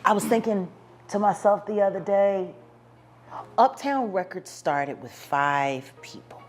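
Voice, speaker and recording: Woman, slow and deliberate, lowish voice, faint hiss behind. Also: a little mellow. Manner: slow and deliberate, listing names. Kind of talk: reflective recollection in a clip.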